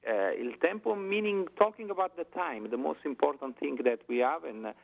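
Casting: Italian-accented male guest, gravelly, tinny phone line, halting with fillers. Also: a little high, animated. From Italy. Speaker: guest singer. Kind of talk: phone interview.

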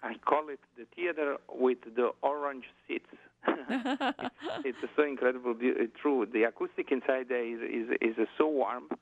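Casting: Italian-accented male guest, gravelly, tinny phone line, halting with fillers. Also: mid-range voice, steady tone. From Italy. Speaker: guest singer. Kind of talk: phone interview.

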